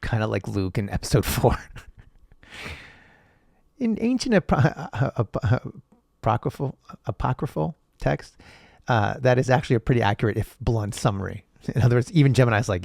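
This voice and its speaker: A man's voice: medium pitch, lively intonation, fairly quick, gravelly, a little mellow, dry recording, studio quality. A man hosting a podcast, reading old texts aloud and riffing on them in a profane, sarcastic, rambling way. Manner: profane, sarcastic, rambling, laughs at own jokes. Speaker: podcast host.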